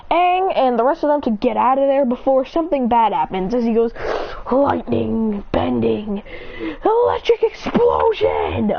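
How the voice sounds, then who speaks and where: Narrator: woman, high lively voice, rambling excited fan-story retelling, dull lo-fi recording.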